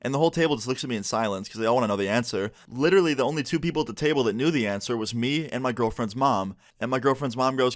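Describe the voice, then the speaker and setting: A man's voice: mid-range voice, no room sound, studio quality. A man in his twenties animatedly telling a casual storytime to his viewers. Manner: fast, animated retelling. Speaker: vlogger.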